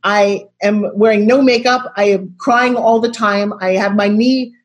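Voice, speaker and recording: A woman in her sixties, a guest on a video call interview, telling her story in an expressive, dramatic way. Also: mid-range voice, measured pace.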